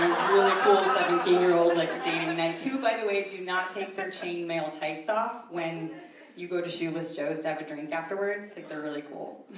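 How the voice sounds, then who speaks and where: A woman in her thirties telling a true story at a live event, chatty and self-deprecating with many fillers. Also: on the low side. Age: 30s. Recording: echoey room, mic far off, faint ambience.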